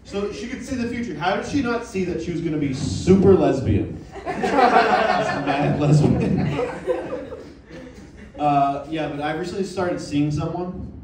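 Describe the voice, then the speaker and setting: A man's voice: fairly high pitch, lively intonation. Playful young man doing stand-up. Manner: playful, self-mocking, quick asides to the crowd. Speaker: stand-up comedian. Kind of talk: stand-up set. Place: small comedy club with a live audience. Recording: roomy club sound, mic heard from a distance, audience noise.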